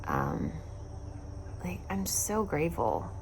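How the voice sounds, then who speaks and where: A woman in her thirties recording a casual video diary outdoors while in pain and tired from surgery, speaking in a reflective, halting way with many fillers and dipping into whispers. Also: low-pitched, wildly swooping pitch, vocal fry, darkish tone, slight background noise. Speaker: vlogger recovering from surgery. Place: outdoors in a backyard at sunset.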